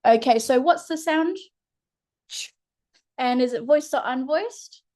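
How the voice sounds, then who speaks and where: A woman's voice: high voice, a little slow, a little mellow. An Australian woman tutoring a child through a phonics lesson, patient and encouraging. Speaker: reading tutor.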